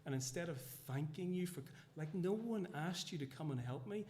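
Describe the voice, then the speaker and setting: Male pastor, storytelling sermon, restarts often, voice a bit higher than most. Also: animated, moderate pace, a little mellow. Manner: storytelling, acts out dialogue, frequent restarts. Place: church.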